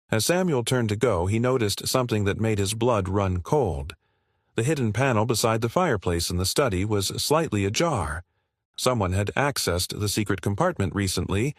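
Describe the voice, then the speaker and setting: A man narrating a scripted story in a steady, measured way. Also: lowish voice, no echo, clean studio sound.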